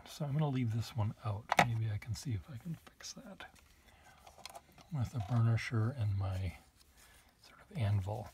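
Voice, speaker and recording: Sitting at a desk writing, a man shows his pens to the camera, thinking out loud and dropping little asides as a collector demonstrating nibs. His medium-pitched voice is a little mellow, and there's a faint hiss or hum.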